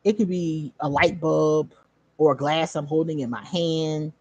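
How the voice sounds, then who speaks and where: A woman hosting her own channel, casually telling a story straight to her viewers, animated, laughing often and swearing freely. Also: low voice, unhurried, no room sound, muffled recording. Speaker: channel host.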